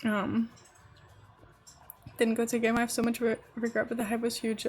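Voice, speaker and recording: Brief: young woman streamer, slightly high voice, chatty and giggly, faint music under her. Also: monotone, normal speed, long pauses, husky. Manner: chatty and giggly, rambling to chat while building. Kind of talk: casual live-stream chat.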